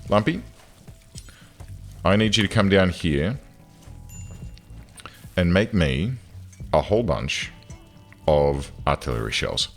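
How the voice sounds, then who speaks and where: A man giving casual commentary as he plays a game, chatting along and breaking into loud, exasperated outbursts. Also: low voice, expressive, takes it slowly, long pauses, faint music behind. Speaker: gaming channel host.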